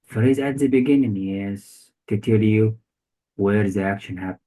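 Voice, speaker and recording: Low husky man tutoring grammar. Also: measured pace, warm tone, low-quality recording. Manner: quizzing, repetitive questions, non-native phrasing. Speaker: English test tutor. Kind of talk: one-on-one grammar lesson.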